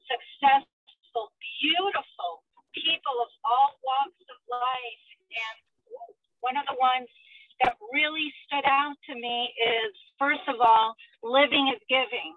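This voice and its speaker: A woman's voice: high-pitched, dry recording. An earnest, emotional woman describes what she went through to her coaching group. She sounds dry and tinny, like she is coming through a phone line. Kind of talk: sharing a personal experience. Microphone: phone call.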